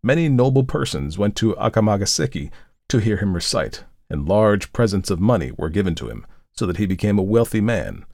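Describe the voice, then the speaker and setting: A hoarse man hosting a podcast and narrating a folk tale in a measured, solemn way. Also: fairly low pitch, sing-song, a little mellow, no room sound, studio quality. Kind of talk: scripted story narration.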